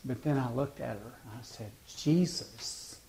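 Mellow-voiced male preacher telling stories. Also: mid-range voice, fairly even intonation, gravelly, a little hiss or hum. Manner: storytelling, acts out dialogue with halting restarts. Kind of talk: sermon.

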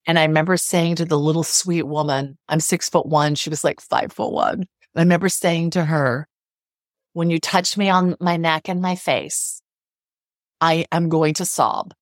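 Earnest middle-aged woman, low and dry. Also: steady tone, moderate pace, dry recording. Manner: earnest, emphatic, repeats phrases for emphasis. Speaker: psychotherapist guest. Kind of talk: podcast interview.

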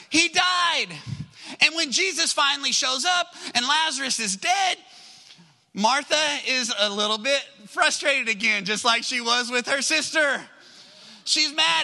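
A man's voice: very high-pitched, sharp tone, rough recording. A man preaching a sermon in a conversational way, asking the congregation questions and acting out prayers. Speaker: pastor.

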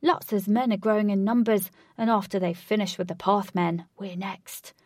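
A woman reads as a brash, boastful male fighter who barks orders in a loud, firm voice. The storybook reading is dry and close, with no room around it. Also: mid-range voice, fairly even intonation, normal speed, dry recording, lightly acted. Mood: commanding. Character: tough, loud male fighter with a pet pig.

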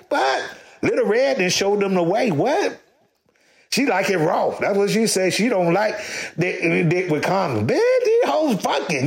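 A man rants in a sassy comic monologue. His voice sits high and swings wildly up and down. There is a gravelly edge, and he breaks into shouts. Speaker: comedian. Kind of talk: crude comedic rant.

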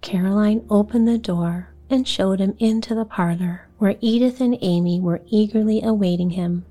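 A woman narrating a bedtime story for a sleep podcast in a hushed, slow, soothing voice. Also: medium pitch. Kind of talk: whispered bedtime story reading.

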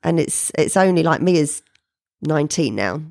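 Middle-aged NZ woman, low fry-edged voice, chatty animated storyteller, dry close mic. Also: a little slow, dry recording. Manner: animated, jumps high when quoting people. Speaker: painter being interviewed. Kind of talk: casual storytelling interview.

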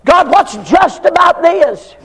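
A young man in prison pleads with God, complaining and stammering, as a preacher acts him out. The voice is very high and gravelly, with a long hall reverb. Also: lively intonation, takes it slowly, a bit bright, heavily acted. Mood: pleading.

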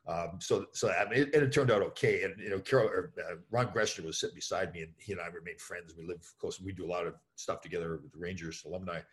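A deep-voiced middle-aged man rattles through his stories at a brisk clip. He talks in an easy, rambling way full of "like" and "you know", and he slips into other people's voices when he quotes them. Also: fairly bright tone. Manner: anecdotal, many fillers, acts out voices in quotes. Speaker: former pro hockey player, guest. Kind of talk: storytelling in an interview.

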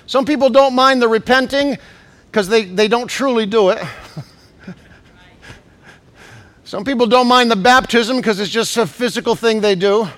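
A man preaching a sermon as bishop, acting out scripture quotes and swinging between shouted climaxes and soft asides. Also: extremely high pitch, a little slow, pauses often. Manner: acts out scripture quotes in raised voice. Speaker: pastor.

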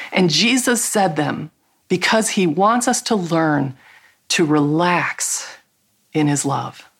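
Slow, earnest woman giving a devotional talk. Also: mid-range voice, slightly rough. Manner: slow, earnest, emphatic with drawn-out key words. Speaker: Christian speaker.

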